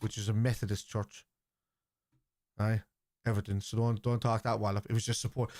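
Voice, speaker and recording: An Irish man in his forties hosts a live football watchalong, answering his chat in a combative, lecturing manner. His voice sits at an ordinary middle pitch. The recording is dry, with almost no room sound. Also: darkish tone, dry recording. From Ireland. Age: 40s. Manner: argumentative, lecturing. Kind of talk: live stream chat reply.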